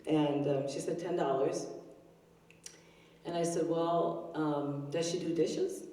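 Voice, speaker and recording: On the low side and dark in tone, this older woman's voice moves at normal speed as she does stand-up at an open mic. Her stories are chatty, self-deprecating, and heavy with fillers. A live audience fills the arts center hall, heard roomily from afar.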